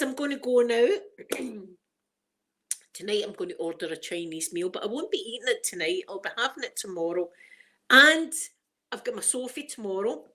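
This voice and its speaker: A woman's voice: medium pitch, a bit bright. Scottish lady, middle-aged, casual livestream chat, lots of laughing and hellos to viewers. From Scotland. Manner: chatty, laughing often, talking to viewers by name. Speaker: ASMR livestream host.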